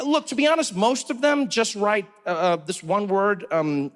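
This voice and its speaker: A man's voice: high voice, close to an everyday voice. A man voicing a hesitant young male assistant who stumbles over his words. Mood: awkward. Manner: halting, full of ums and restarts.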